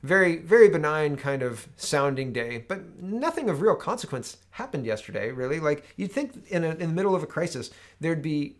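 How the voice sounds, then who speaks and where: A man's voice: a little high, sing-song, moderate pace, few pauses. A man hosting a solo political commentary show, sarcastic, reading headlines aloud and tagging his points with "right?". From Canada.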